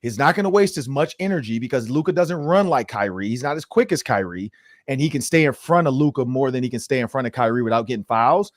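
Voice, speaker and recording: Animated man hosting a sports chat. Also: mid-range voice, quick pace, dry recording, clean studio sound. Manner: animated, laughs often, lots of "like" fillers. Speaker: podcast host. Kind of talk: casual sports roundtable chat.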